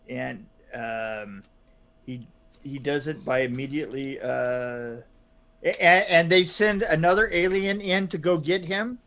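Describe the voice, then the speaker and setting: A man with a slightly raised pitch talks casually as a podcast co-host. He stumbles through his sentences with restarts and "uh"s, and he laughs easily. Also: a bit bright. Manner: halting, many fillers and restarts, laughs often. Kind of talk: casual chat.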